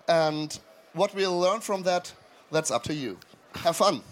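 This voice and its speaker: A man introducing the next speaker at a conference, brief and unhurried. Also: fairly high pitch, expressive, background noise. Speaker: session host.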